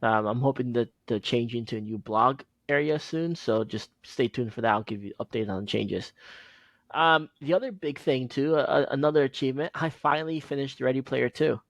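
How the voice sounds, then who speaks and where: A man hosting a podcast, chatting casually and recounting a story in a halting, rambling way. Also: mid-range voice, dry recording. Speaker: podcast host. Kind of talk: casual chat.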